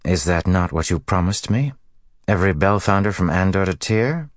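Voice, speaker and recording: A man voicing a curt, stern female bomb-maker in an audiobook, speaking in a flat, formal, vaguely hostile way. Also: low-pitched, moderate pace, no room sound, studio quality, voice pushed up. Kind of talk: audiobook character voice.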